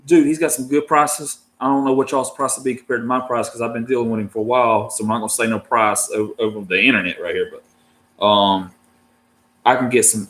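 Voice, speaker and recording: Laid-back man rambling about reptiles. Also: fairly low pitch. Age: adult, married. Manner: laid-back, slangy, full of "dude" and "man", restarts. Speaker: reptile keeper vlogger. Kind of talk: casual rambling chat to viewers.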